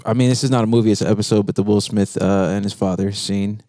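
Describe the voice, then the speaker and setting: A man's voice: on the low side, fairly even intonation, quick pace, warm tone, no room sound. A man in a casual podcast chat, laid-back and slangy, rambling as he talks in a studio.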